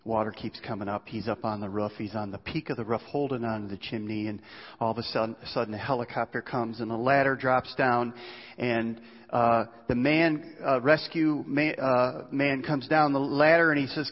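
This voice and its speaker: A man's voice: mid-range voice, fairly even intonation, moderate pace. A male preacher giving a sermon, telling stories in a conversational way and asking the listeners rhetorical questions. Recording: long hall reverb, dull sound.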